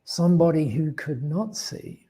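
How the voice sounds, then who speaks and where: An Australian man, appearing as an interview guest, tells a long, rambling story, acting out both sides of a conversation and restarting often. His voice is on the high side and husky, with a dark tone, big pitch swings and an unhurried pace.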